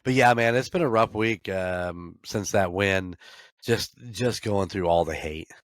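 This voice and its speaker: Podcast co-host: American man, low voice, dry close sound, blunt and laid-back. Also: measured pace, no echo. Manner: laid-back, blunt and profane, with frequent fillers. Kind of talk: casual chat.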